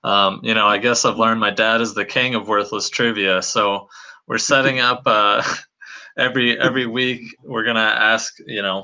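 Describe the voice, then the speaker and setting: A man's voice: on the low side, bright, forceful tone, rough recording. A young man co-hosting a webinar, explaining the setup in a hesitant way with many fillers. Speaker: co-host.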